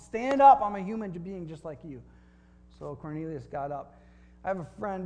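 A man's voice: fairly high pitch, a little mellow, a little hiss or hum. A man preaching a sermon, telling a story with dry humor and reading scripture aloud in a conversational way. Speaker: pastor.

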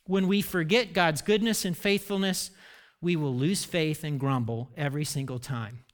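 Brief: pastor in mid-sermon, higher-pitched man, lively storyteller who pokes fun at himself. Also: moderate pace. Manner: animated, self-deprecating storytelling.

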